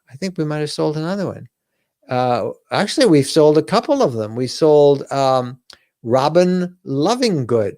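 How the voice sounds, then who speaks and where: A man's voice: on the high side, darkish tone, no echo, studio quality. A middle-aged man hosting a live RV question-and-answer stream, chatty and upbeat, thanking viewers by name. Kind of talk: casual live-stream chat.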